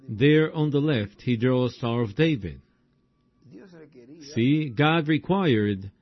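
A man preaching a sermon in a slow, drawn-out way, breaking into exclamations. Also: mid-range voice. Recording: dull lo-fi recording.

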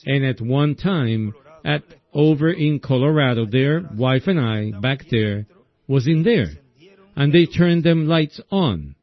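A man preaching a sermon in a slow, folksy storytelling way, often asking his listeners "see?". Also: mid-range voice, lively intonation. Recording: dull lo-fi recording.

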